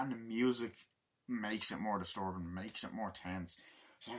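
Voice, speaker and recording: A man's voice: on the low side, moderate pace, fairly bright tone, husky. Rambling, swearing man reviewing a film. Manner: rambling, swears a lot, acts out movie lines. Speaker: movie reviewer. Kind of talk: casual spoken review.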